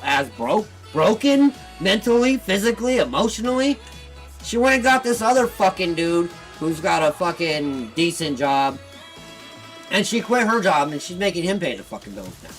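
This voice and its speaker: A man hosting a gaming channel, ranting heatedly and with lots of swearing about his personal troubles, flipping between bitter muttering and loud outbursts. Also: sits high, low-quality recording. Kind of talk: venting casual rant. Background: faint background music.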